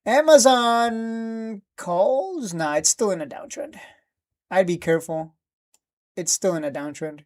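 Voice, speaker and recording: A man's voice: a little high, steady tone, moderate pace, pauses often, a little mellow. A man hosting a live trading stream, ranting bluntly and with plenty of swearing, repeating himself in exasperation.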